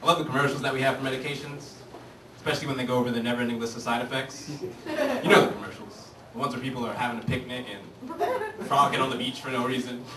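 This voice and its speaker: A male stand-up comedian rants brashly and profanely on a club stage, medium-pitched, rapid-fire and fairly even in intonation. The recording is very noisy, roomy and distant, with loud audience laughter.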